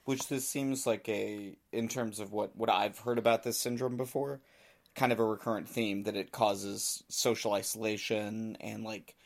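A man's voice: fairly low pitch, steady tone, normal speed, gravelly. Musing man podcast co-host. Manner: thinks aloud, questioning, musing. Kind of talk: casual conversational discussion.

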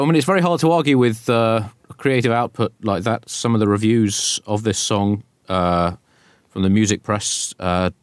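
A man's voice: fairly low pitch, no room sound, clean studio sound. A man co-hosting a satirical comedy show, mock-serious and sardonic, often laughing at his own jokes. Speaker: co-host.

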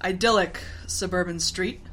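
Casual woman co-host, laughs a lot, crisp bright tone. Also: lowish voice, fairly even intonation, moderate pace, slight background noise. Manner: giggly, rambling, swears casually. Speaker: podcast co-host. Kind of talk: casual chat.

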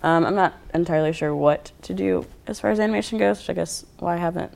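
A man's voice: sits high, fast talker, creaky, a little mellow. A young man, a guest artist, chatting casually on a podcast, laid-back and rambling with lots of fillers. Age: young adult. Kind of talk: casual chat.

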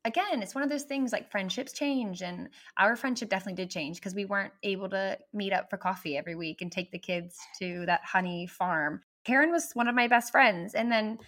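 Animated woman chatting with many "like"s. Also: medium pitch, fairly quick, hardly any pauses. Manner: animated, full of "like" fillers. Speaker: podcast co-host. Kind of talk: casual chat.

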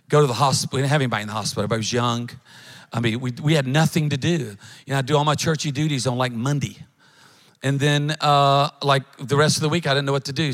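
A middle-aged man, preaching a sermon as a pastor in folksy, animated storytelling with quick asides. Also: medium pitch.

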